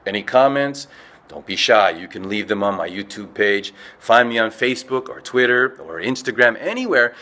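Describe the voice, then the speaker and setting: Man teaching idioms with lively pitch jumps. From from a Western English-speaking country, living in Korea. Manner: slow deliberate explanations, lively pitch jumps. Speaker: language teacher and show host. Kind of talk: bilingual language lesson.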